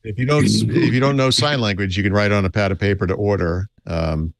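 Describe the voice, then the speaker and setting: A middle-aged man with a deep, low voice trades casual thoughts as a podcast co-host. He stops and restarts his sentences often and corrects himself mid-thought. His voice sounds close and dry, with no room around it. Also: vocal fry, no room sound. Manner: halting, full of restarts and self-corrections. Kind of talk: casual tech podcast chat.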